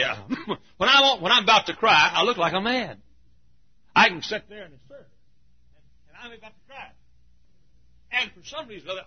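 An older preacher giving a sermon, moving from quiet storytelling to shouted emphasis, with frequent coughs. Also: male voice, a little high, slightly rough. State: coughing often. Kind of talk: fiery sermon. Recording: muffled lo-fi sermon tape.

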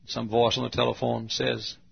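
A man preaching a folksy storytelling sermon, dropping to hushed tones and rising again, on a lo-fi recording. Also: medium pitch, little pitch movement, normal speed, vocal fry, slightly rough. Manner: folksy, swings from hushed to loud.

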